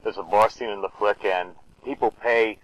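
A man in casual conversation, retelling film scenes with amused, animated delight and easy laughter. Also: fairly low pitch, moderate pace, poor audio.

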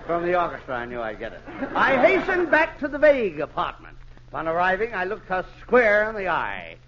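A man playing an inspector gives hammy, mock-hardboiled narration for a 1940s radio comedy, captured on a muffled, hissy old recording. His voice sits high, swings hugely in pitch, and moves a little fast.

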